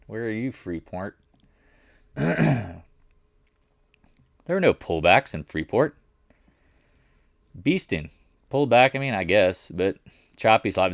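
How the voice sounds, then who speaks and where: A man with a low, deep voice hosts a live market recap in a loose, chatty way. He gets excited and rambles, hopping from one thought to the next. The sound is dry and close, with no room echo. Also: a little slow, pauses often. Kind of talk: casual live stream commentary.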